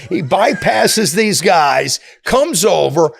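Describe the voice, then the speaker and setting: A man's voice: mid-range voice, brisk, creaky, slight background noise. A middle-aged man telling a story in casual talk, acting out the people in it with many repeats and restarts. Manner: animated, acts out quoted voices, repeats and restarts often. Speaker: podcast guest telling his prison story.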